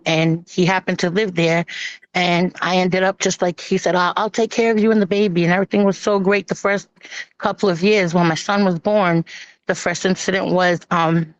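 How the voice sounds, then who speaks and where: A woman telling her own hard story on a live stream, halting with many pauses and restarts and acting out what others said. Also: fairly low pitch, no room sound. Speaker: guest sharing her personal story. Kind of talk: emotional personal testimony on a live stream. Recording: dull lo-fi stream audio.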